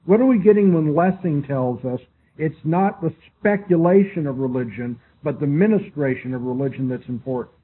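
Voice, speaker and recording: A man's voice: a little high, expressive, normal speed, slightly rough. A man giving a classroom lecture who spells out names and repeats his key phrases. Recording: tinny lo-fi recording with faint hiss.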